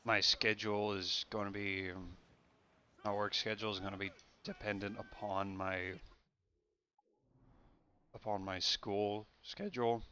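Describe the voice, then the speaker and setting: A young man with a fairly low but bright, forceful voice talks through a game stream. He rambles on in a casual way, correcting himself mid-sentence as he goes. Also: level tone, a little slow, pauses often, muffled recording, a little hiss or hum. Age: young adult. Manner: rambling, self-correcting chat. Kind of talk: casual gameplay commentary.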